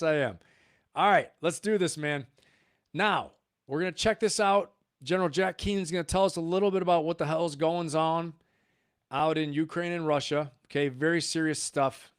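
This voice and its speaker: Guy hosting a livestream, kinda high voice, rambly and laughing a lot, dry sound. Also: moderate pace, smooth, no echo. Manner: animated, rambling, laughs often. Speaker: livestream host. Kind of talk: casual live commentary.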